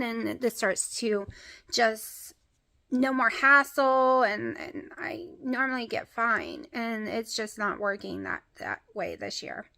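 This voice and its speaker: A woman's voice: on the high side, vocal fry, bright, forceful tone. Emotional woman vlogging. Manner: emotional, rambling, addresses viewers as y'all. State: close to tears. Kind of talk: casual vlog chat. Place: at home.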